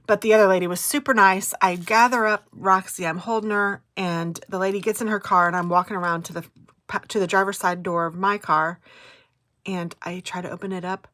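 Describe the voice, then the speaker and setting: A woman's voice: lowish voice, fairly even intonation, a little fast, a bit bright, no echo. A middle-aged woman vlogger telling stories in a casual, chatty way, often breaking into exclamations.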